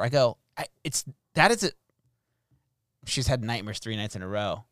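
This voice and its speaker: A man's voice: lowish voice, animated, moderate pace, a bit bright, no echo, studio quality. A man telling a story in casual chat, acting out quotes and swearing freely.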